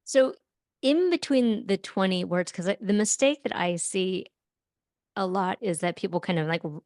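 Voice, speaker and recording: A woman hosting a podcast interview, chatty and self-deprecating, quick to laugh. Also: medium pitch, a little mellow, no echo, clean studio sound. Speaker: podcast host.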